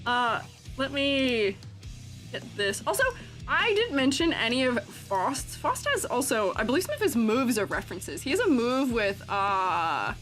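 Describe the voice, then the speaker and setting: A young woman streaming casually as a character design teacher, chatting with her viewers, giggling often and joking around playfully. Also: a little slow. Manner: giggly and playful, laughs often, lively swings in pitch. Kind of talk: casual livestream chat reacting to chat. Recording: faint music in the background.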